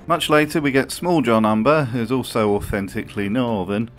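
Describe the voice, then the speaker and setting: A man's voice: medium pitch, moderate pace, soft background music. A man hosts a commentary video in voice-over. His tone is wry and sardonic. He swears freely and in an offhand way. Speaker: video host.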